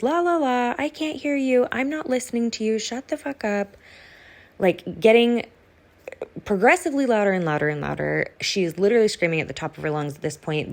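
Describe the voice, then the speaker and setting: A young adult woman, a podcast guest, telling a personal story candidly with many "like" fillers. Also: low-pitched.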